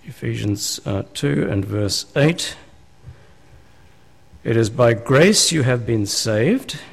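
A man preaching in an easy, conversational way, a pastor working through scripture with his congregation. His voice sits at a middle pitch, and he often turns to his listeners with rhetorical questions. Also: lively intonation, slow pace, gravelly, breathy edge. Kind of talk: sermon. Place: church.

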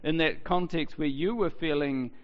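A man preaching a sermon in a relaxed, conversational way, asking rhetorical questions and often restarting his sentences. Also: fairly high pitch, moderate pace. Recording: dull, lo-fi, long hall reverb.

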